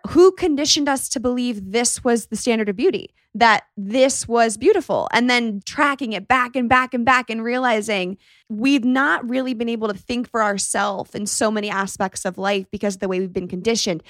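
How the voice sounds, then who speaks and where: A woman's voice: a little high, moderate pace, a bit bright, no echo, studio quality. A woman hosting a podcast, talking in a candid, reflective and chatty way. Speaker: podcast host. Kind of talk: podcast conversation.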